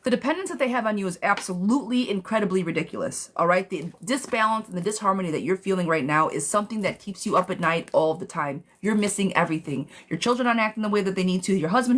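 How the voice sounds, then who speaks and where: A woman with a mid-range, fairly bright voice gives a live-streamed tarot reading. She's blunt and direct, talking casually with some swearing and calling the viewer "girl."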